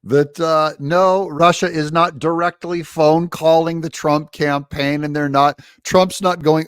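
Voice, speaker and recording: A man's voice: on the high side, fairly even intonation, a little slow, few pauses, smooth, no room sound, studio quality. A man hosting political commentary, mocking and sarcastically rebutting news clips.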